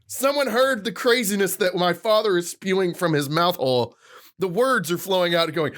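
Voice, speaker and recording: A man's voice: high voice, normal speed. A man in his thirties co-hosting a podcast, telling a long story with lots of acted-out quotes. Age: 30s. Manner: animated storyteller, acts out quotes. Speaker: podcast co-host. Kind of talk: casual podcast rant.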